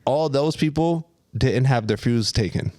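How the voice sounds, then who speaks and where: A man co-hosting a casual talk show, teasing and calmly pushing back on his co-host's story. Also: mid-range voice, a little slow, heavy background noise. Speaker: podcast co-host. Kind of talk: casual chat.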